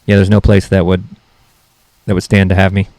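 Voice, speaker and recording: A man's voice: deep voice, monotone, a little fast, creaky, a little mellow, dry recording. A man hosting a comedy podcast, rambling through off-color jokes and poking fun at himself. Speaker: podcast host.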